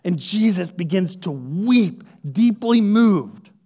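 A man preaching a sermon, moving between hushed near-whispers and loud, fervent emphasis, building with repeated phrases. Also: high voice, expressive, slow, breathy edge.

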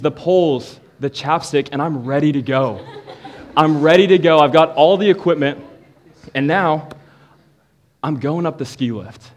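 A young man telling a playful comic story as a youth speaker before shifting into a sermon for a live audience. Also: mid-range voice.

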